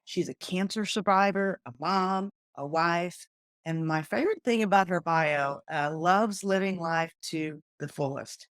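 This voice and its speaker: A woman's voice: on the low side, unhurried, dry recording, studio quality. A woman hosting an interview podcast, upbeat and effusive as she introduces and chats with her guest. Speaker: podcast host and coach. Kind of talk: casual interview chat.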